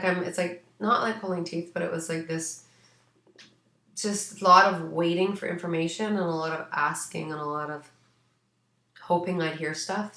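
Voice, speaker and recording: A woman's voice: fairly low pitch, a bit bright. A woman giving a casual spoken pet reading as an animal psychic, chatty and rambling with lots of ums and restarts, a little sneezy. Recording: echoey room.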